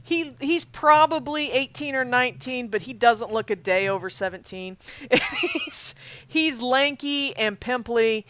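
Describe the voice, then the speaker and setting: A man's voice: very high-pitched, a little slow, fairly bright tone, dry recording. A man running a tabletop game as game master, narrating scenes in a rambling, chatty way and laughing often.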